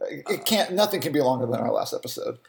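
A man's voice: mid-range voice, lively intonation, quick pace, vocal fry. A man co-hosting a casual podcast, playful and often laughing. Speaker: podcast co-host. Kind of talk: casual chat.

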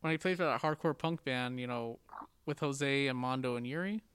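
A man talking in relaxed casual chat as a podcast guest, swearing casually and using fillers. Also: mid-range voice, normal speed, clean tone, no echo.

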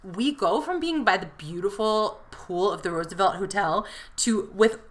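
A woman co-hosting a podcast, chatting casually with quick asides, laughter and playful put-on voices. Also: mid-range voice, animated. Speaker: podcast co-host. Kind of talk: casual chat.

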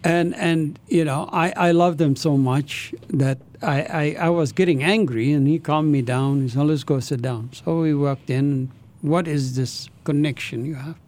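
A man's voice: fairly high pitch, darkish tone. A man, an interview guest, telling his life story with an intense, earnest manner.

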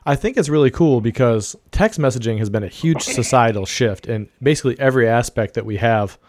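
A man hosting a casual interview, asking questions in a quick, enthusiastic, chatty way. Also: mid-range voice, lively intonation, darkish tone, no room sound, studio quality. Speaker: podcast host.

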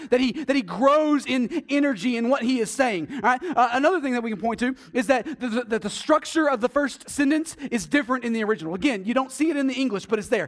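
A man preaching a sermon, emphatic and swinging between loud stresses and hushed, intimate asides. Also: extremely high pitch. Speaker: pastor.

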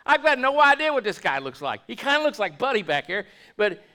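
Male pastor, high bright voice, folksy sermon delivery with lots of restarts. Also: big pitch swings, a little fast. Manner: folksy, repeats and restarts words, asks the congregation questions.

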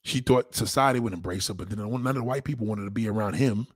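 A man in a blunt, crude, rambling monologue, talking fast and casually. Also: lowish voice, husky, no echo, studio quality.

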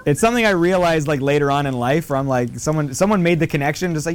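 A man's voice: on the high side, lively intonation, fast talker, hardly any pauses, faint music behind. A man hosting a casual chat, rambling with many fillers and frequent swearing. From Canada. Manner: rambling, profane, lots of fillers. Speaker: podcast host.

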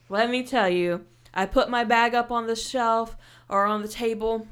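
A young woman telling a story in casual chat, animated and heated, swearing often and filling with "like". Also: medium pitch, normal speed. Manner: heated, animated retelling with heavy swearing and many "like" fillers.

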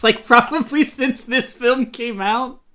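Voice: mid-range voice, steady tone, measured pace, bright, forceful tone. A podcast co-host in casual chat, rambling through long tangents and laughing often.

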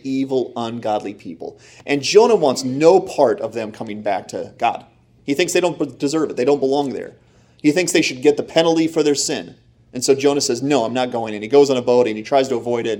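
Guy preaching a sermon, big swings up and down, acts out the story voices. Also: medium pitch. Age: young adult or middle-aged, father of children. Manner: animated preaching, acting out quoted voices. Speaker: pastor.

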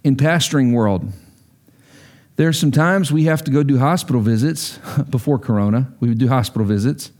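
A man's voice: medium pitch, normal speed, a little mellow. A middle-aged man preaching a sermon as a pastor, earnest and emphatic, his delivery rising sharply when stirred.

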